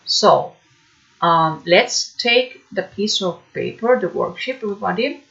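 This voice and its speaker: A woman teaches a beginners' English class at an unhurried, deliberate pace. She speaks at a middling pitch and keeps checking that her students follow. The recording is dull and lo-fi. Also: expressive, gravelly, fairly bright tone. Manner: slow and patient, checking understanding with "hmm?". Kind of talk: online class lesson.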